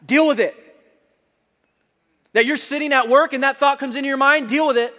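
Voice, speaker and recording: A man preaching a sermon as a pastor, telling lively stories and rising to shouts. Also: very high-pitched, fast, in a large hall.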